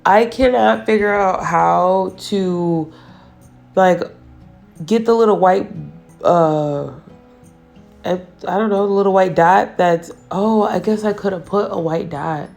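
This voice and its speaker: A woman's voice: mid-range voice, slow pace, gravelly, darkish tone, faint music behind. A woman nail artist giving a casual voice-over for her nail art tutorial, chatty and teasing herself about her own mistakes.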